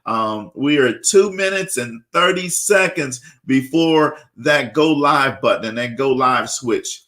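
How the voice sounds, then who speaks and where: A man hosting a radio talk show, energetic and repetitive, often tagging on questions. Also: mid-range voice, slow.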